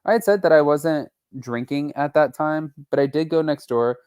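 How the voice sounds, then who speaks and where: A man hosting a casual celebrity gossip channel, reading out quotes with lively emphasis and chatting to his viewers off camera. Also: on the high side, moderate pace, clear, resonant tone, no echo, clean studio sound. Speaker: host. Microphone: not on camera, voice-over.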